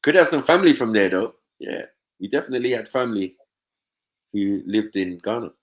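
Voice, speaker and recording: A man's voice: fairly low pitch, expressive, a little fast. A young man of Nigerian background, chatting loosely, swearing freely and slipping into mimicked voices. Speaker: panel host. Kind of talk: casual chat.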